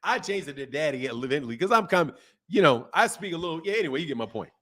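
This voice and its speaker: Casting note: slangy, emphatic male stream host, slightly higher-pitched, laughing and riffing loosely. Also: sing-song, rapid-fire, sharp tone. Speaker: boxing channel host. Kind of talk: casual live-stream chat reading viewer comments.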